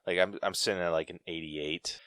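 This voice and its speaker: A man's voice: deep voice, fairly even intonation, a little fast, fairly bright tone, no room sound, clean studio sound. A young man hosting a podcast, telling a story in a casual, rambling way full of filler words. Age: young adult. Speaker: podcast host. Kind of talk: casual chat.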